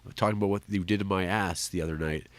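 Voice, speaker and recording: A man with a very low voice, chatting casually and jokingly as a podcast co-host. The sound is dry, with no room echo. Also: fairly even intonation, fast talker. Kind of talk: casual film review chat.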